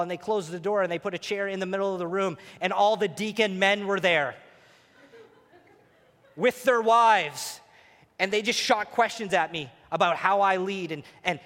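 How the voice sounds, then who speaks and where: A man preaching a sermon as pastor, animated and playful, speaking to a congregation. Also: sits high, in a large hall. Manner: animated, preacherly, acts out voices. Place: church sanctuary.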